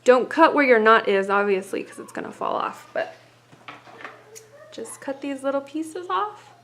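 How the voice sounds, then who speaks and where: A woman's voice: high-pitched, big pitch swings, unhurried, a bit bright, slight background noise. A woman giving a casual hair-wrapping tutorial, chatty and rambling, a little winded with a stuffy nose, muttering to herself as she works.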